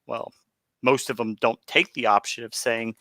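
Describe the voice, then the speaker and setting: A man's voice: mid-range voice, steady tone, normal speed, bright, forceful tone, no echo. A man co-hosting a casual podcast chat, sarcastic and argumentative. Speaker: podcast co-host.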